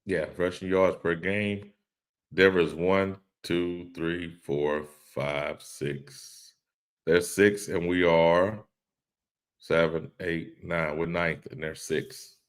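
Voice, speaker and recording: A man's voice: low voice, fairly even intonation, takes it slowly. A man hosting a casual live-stream podcast, reading chat comments aloud and laughing along in a laid-back way.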